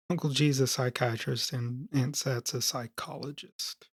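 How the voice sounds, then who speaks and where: A man's voice: mid-range voice, fairly even intonation, a little slow, slightly rough, dry recording. Hesitant man asking questions, dry sound. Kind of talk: casual interview questions.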